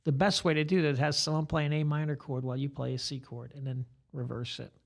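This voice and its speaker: A man's voice: a little high, little pitch movement, fast talker, vocal fry. An older man who teaches guitar, giving rambling, teacherly explanations as a guest in a casual podcast interview.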